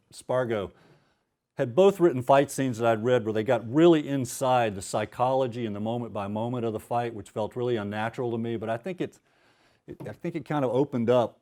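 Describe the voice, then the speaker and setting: A man's voice: medium pitch, darkish tone. Man in his fifties, author at a reading, chatty, self-deprecating, lots of ums. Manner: self-deprecating, chatty asides with many fillers. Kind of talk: informal talk, then reading his prose aloud. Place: university event hall.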